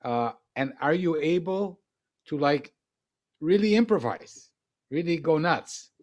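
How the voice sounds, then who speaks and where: A man's voice: fairly high pitch, expressive, slow pace. A man hosting a casual interview, asking eager questions and often restarting his sentences. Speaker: interview host.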